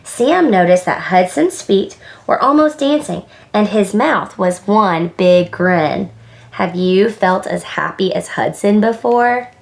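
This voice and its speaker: Preschool director, woman, story time reader; slow, gravelly, gentle, asks questions. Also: mid-range voice, lively intonation. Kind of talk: children's story time reading.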